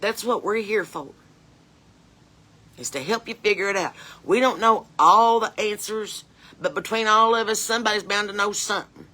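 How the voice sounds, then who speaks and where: A woman's voice: mid-range voice, normal speed, sharp tone. Woman playing blunt porch-smoking mom. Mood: earnest. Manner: folksy, earnest, rambling with lists. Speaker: comedian in character. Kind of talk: comedic character monologue.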